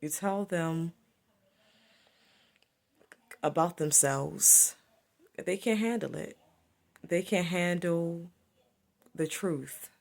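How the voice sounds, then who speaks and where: A woman's voice: on the low side, extremely slow, vocal fry, pauses often. A woman giving a solo spiritual monologue to camera, repetitive and emphatic as she accuses. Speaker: spiritual vlogger.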